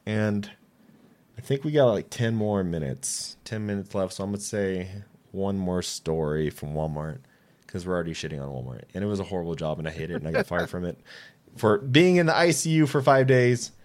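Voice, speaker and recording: A man in his late twenties, a podcast guest, telling casual stories with animated delivery, acting out quoted dialogue and swearing freely. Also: sits low, fairly quick. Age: 20s. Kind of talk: casual storytelling.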